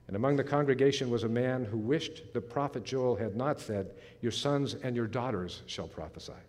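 A middle-aged or older male pastor preaching a sermon in an earnest way, slowing down to stress key phrases. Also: mid-range voice, a little mellow. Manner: earnest, slows for emphasis, some restarts. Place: church sanctuary. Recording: long hall reverb.

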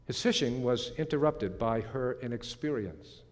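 Man, pastor, earnest sermon, middle-aged or older, slows for emphasis, mid-pitched, long church-hall reverb. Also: animated. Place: church sanctuary.

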